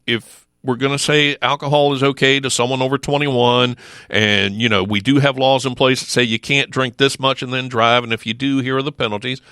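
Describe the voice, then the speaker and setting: A middle-aged man speaks as a regular guest in a radio studio. His voice is bright and forceful, and the close mic gives a dry sound. His talk is emphatic, with rhetorical questions and quick restarts. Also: medium pitch, no echo. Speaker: sheriff's office lieutenant, regular guest. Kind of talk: casual studio chat.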